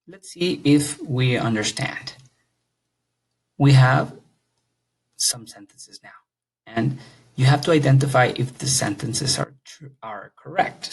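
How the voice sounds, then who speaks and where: Guy teaching english grammar, slow patient explaining, gravelly husky voice. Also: mid-range voice, poor audio. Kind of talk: grammar lesson.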